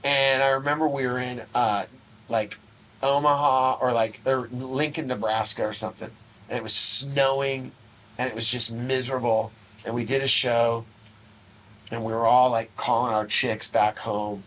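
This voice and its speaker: A man's voice: medium pitch, moderate pace, slight background noise. A middle-aged man telling a long anecdote in a casual interview, acting out the other people's lines and swearing freely. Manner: animated anecdotes, acts out quoted voices, swears casually. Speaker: interview guest. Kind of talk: casual storytelling.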